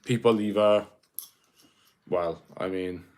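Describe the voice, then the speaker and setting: On his livestream, a young host from Wales with a South Welsh accent rambles easily, reading out comments from viewers. He speaks at a fairly low pitch and takes things slowly.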